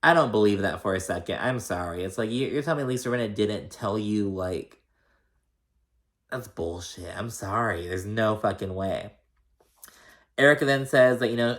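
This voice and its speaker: A man with a fairly low voice talks through a reality show recap in a loose, casual way. He swears freely and gives blunt opinions. He keeps slipping into exaggerated voices to act out what the cast members said. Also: moderate pace, a bit bright. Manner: profane, opinionated, mimics quotes in exaggerated voices. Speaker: recap host.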